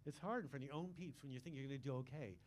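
A man in his sixties doing a live stand-up set on a club stage, crude and self-mocking, with quick asides to the crowd. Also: mid-range voice. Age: 60s. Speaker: stand-up comedian.

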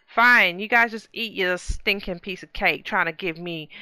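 A woman's voice: mid-range voice, animated, moderate pace, few pauses, bright, forceful tone, clear, resonant tone, no room sound, clean studio sound. A woman hosting a casual let's play, chatting to viewers and exclaiming at what happens in the game. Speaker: gaming channel host.

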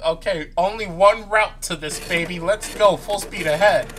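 A man's voice: sits high, normal speed, fairly bright tone, a little hiss or hum. A man playing a visual novel, reading its narration aloud and joking about it as he goes. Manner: reads narration aloud and jokes between lines. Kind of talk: let's play narration and commentary.

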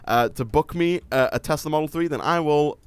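A man's voice: fairly high pitch, smooth, no room sound. A man hosting a gaming video, chatting and joking with his co-host over a voice call. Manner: chatty, jokey, quick to laugh.

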